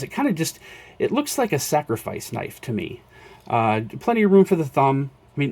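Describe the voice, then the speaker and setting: Man, mid-pitch, gravelly, casual rambling show-and-tell, lots of ums and restarts. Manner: rambling, many fillers and self-corrections. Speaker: knife collector showing his collection.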